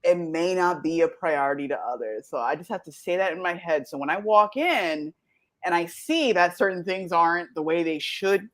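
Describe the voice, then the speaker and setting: A woman's voice: on the low side, moderate pace. A woman chatting casually as a podcast co-host, playful and emphatic. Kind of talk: casual chat.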